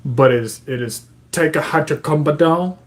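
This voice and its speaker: A man's voice: fairly high pitch, moderate pace, a little hiss or hum. A man streaming live, reading to his chat and breaking into profane, exasperated rants that stay angry but joking.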